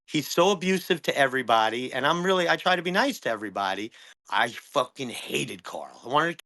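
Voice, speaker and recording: A man's voice: medium pitch, lively intonation, fairly quick, bright, forceful tone. Agitated profane man in his fifties. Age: 50s. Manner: profane, agitated, repeats himself. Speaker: streamer and guest. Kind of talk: heated conversation.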